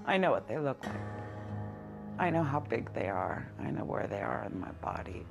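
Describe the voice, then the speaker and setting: A middle-aged woman interviewed in a news report, recounting her experiences slowly and with intensity. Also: very deep voice, very animated, vocal fry, over music. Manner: slow, intense, emphatic recounting. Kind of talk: interview testimony.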